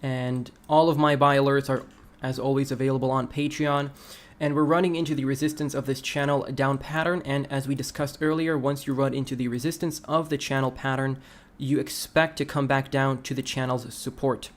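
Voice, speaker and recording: A man's voice: mid-range voice, brisk, few pauses. A man hosting a casual crypto livestream, walking through price charts and reading viewer comments aloud. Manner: relaxed, talks through charts, reads chat aloud.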